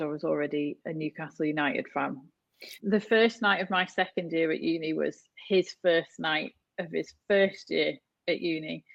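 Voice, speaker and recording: A woman's voice: sits low, vocal fry, dry recording, muffled recording. A woman in her thirties from North West England, chatting as a podcast guest and telling stories with frequent laughs. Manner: chatty, storytelling, laughs often. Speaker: guest artist. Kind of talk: casual podcast chat.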